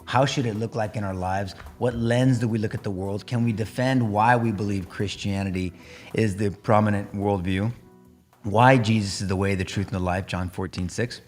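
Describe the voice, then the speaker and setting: Low-voiced man hosting a podcast. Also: steady tone, normal speed, faint music behind. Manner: earnest and emphatic. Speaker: podcast host. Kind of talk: casual podcast talk. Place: home garage.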